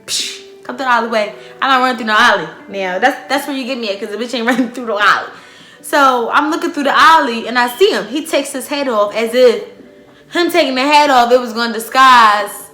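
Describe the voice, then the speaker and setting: A young woman vlogger tells a dramatic, animated storytime to her camera, speaking a little fast and peppering it with swearing and slang. Her fairly high voice rings bright in an echoey room, with faint music playing underneath.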